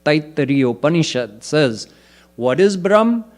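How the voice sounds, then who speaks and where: A man giving a sermon as a spiritual teacher, explaining scripture slowly and deliberately and chanting verses in between. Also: a little high, big pitch swings.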